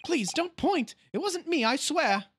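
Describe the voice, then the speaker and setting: A game player voicing a nervous male juror who stammers and frets, pitched well above his own voice. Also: expressive, measured pace, fairly bright tone, slight background noise. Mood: panicked. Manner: flustered, stammering.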